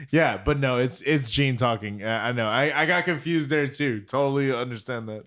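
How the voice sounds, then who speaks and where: Podcast co-host, man, mid-pitch, relaxed recap style, quick to laugh. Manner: laid-back, laughs often, recaps scenes. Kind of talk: casual film discussion.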